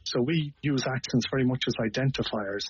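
A man with an Irish accent, a guest on a radio discussion, explaining things in a measured way with small hesitations. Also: mid-range voice, husky. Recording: dull lo-fi radio broadcast.

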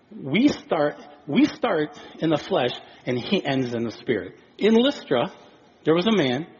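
A male pastor preaching a sermon, animated and acting out little scenes of dialogue. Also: on the high side. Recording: dull lo-fi recording with faint noise.

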